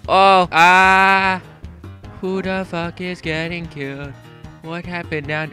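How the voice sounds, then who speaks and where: A young man giving jumpy, profane commentary while playing a horror game, yelping and shouting when startled. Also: sits high, level tone, slow, faint music behind. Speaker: gaming YouTuber. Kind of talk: horror let's-play commentary. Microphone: gaming mic with headphones.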